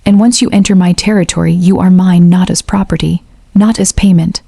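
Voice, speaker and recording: A man's voice: fairly even intonation, creaky, warm tone, no room sound, clean studio sound. Woman voicing a cold werewolf alpha king. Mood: commanding. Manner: low, measured and commanding.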